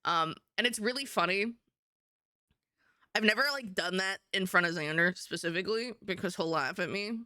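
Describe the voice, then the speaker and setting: A woman streamer rambling and joking about herself as she works on a drawing. Her voice is smooth and clear. It is recorded close on a desk mic with a dry sound. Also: mid-range voice, moderate pace, sharp tone, dry recording. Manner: rambling, chatty, self-mocking. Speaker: streamer and artist. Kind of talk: casual chat while drawing on stream.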